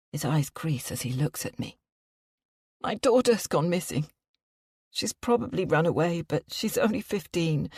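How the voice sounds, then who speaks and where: A woman's voice: sits low, a little mellow, breathy edge, no room sound, studio quality. A woman narrating a tense first-person story as an audiobook reader.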